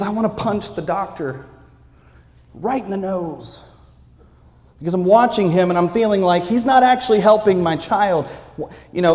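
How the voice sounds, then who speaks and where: A man preaching, telling a lively personal story with acted-out quotes in a church. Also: sits high. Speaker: pastor. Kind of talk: sermon storytelling. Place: church sanctuary. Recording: long reverb of a church sanctuary.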